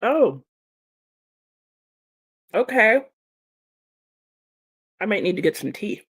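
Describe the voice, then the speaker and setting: A woman's voice: medium pitch, big pitch swings, extremely slow, fairly bright tone, slightly rough. A young woman chatting casually on a livestream, reading viewer comments aloud and laughing often. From United States. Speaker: streamer and book vlogger.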